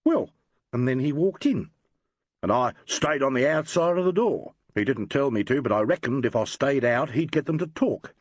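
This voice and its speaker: A man's voice: medium pitch, animated, moderate pace, no room sound, muffled recording, lightly acted. A man voicing an eager young New police sergeant, chatty and gushing as he tells a story. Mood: gossipy.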